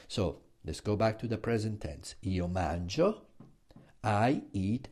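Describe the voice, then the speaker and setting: Male teacher, low voice, unhurried lecture delivery with stressed examples. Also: a little mellow. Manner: slow and explanatory, stresses example words. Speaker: language teacher. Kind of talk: classroom lecture.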